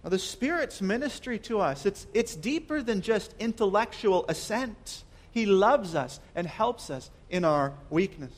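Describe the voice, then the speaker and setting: A young man preaching a sermon, his voice sitting high for a man. He talks earnestly and leans on repeated words and rhetorical questions. He swings from loud emphasis down to soft, hushed lines. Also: lively intonation, measured pace. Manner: shifts between loud emphasis and soft near-whispers. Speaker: pastor.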